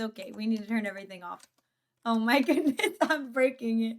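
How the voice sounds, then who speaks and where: A woman's voice: fairly high pitch, a little fast. A young woman streaming a reaction video, chatting casually with a bubbly, giggly and easily sidetracked manner. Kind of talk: casual livestream reaction chat.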